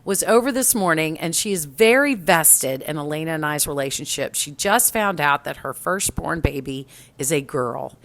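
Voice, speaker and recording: A middle-aged woman co-hosting a podcast in casual chat, telling stories in an animated, giggly way. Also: low voice, moderate pace. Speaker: podcast co-host.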